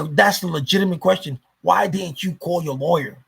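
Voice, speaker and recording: A man rambling through a casual vlog, swearing often and doubling back on his words. His voice sits a little high for a man, with a gravelly fry and a raspy, husky edge. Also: normal speed, a bit bright. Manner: rambling, profane, repeats himself. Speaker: YouTuber.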